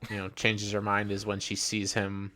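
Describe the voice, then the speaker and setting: A man's voice: lowish voice, completely flat delivery, normal speed, bright, forceful tone. A young man co-hosting a podcast, chatting casually about a movie, rambling with restarts and mock quotes. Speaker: podcast co-host. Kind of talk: casual movie review chat.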